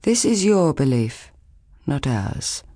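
A woman voicing a stern, commanding old village woman who speaks firmly and calmly. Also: a bass voice, a little slow, gravelly, full character voice. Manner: firm, commanding.

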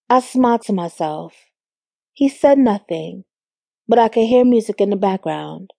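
A young adult woman reading a first-person story aloud with measured storytelling. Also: medium pitch, animated, creaky, mellow, no room sound. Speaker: audiobook narrator. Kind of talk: first-person scripted narration. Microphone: studio microphone.

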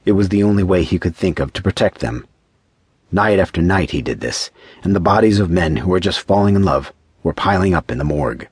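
Deep, husky male audiobook narrator. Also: expressive, fairly quick, no echo. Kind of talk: scripted narration.

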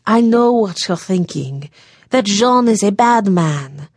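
A woman's voice: mid-range voice, expressive, slow pace, a little mellow, no echo, studio quality. A woman voicing a heartbroken, headstrong young daughter who pleads through tears and drops into whispers. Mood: tearful. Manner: tearful, pleading, breaking into whispers.

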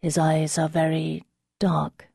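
A woman narrator voicing a withdrawn young noblewoman who speaks low and indifferently in a storybook reading. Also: monotone, slow, gravelly, dark tone, husky, dry recording, studio quality, heavily acted. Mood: guarded.

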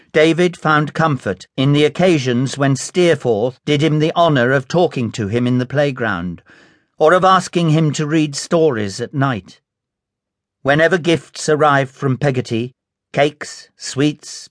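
A man narrating an audiobook in a measured, unhurried storytelling manner, recorded close in a studio. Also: mid-range voice, dry recording. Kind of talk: scripted narration.

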